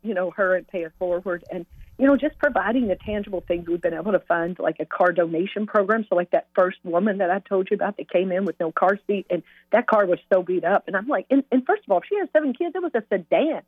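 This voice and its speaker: Animated woman telling stories over the phone. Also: fairly low pitch, quick pace, no room sound. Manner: animated storyteller, voices quoted speech brightly. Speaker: pregnancy center director. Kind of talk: call-in radio storytelling. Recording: dry tinny phone line.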